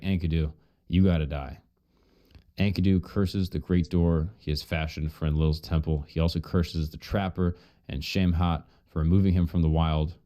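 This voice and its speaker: A man's voice: deep voice, dark tone. A man streaming while he retells an old myth in a casual, profane, joking way, full of asides.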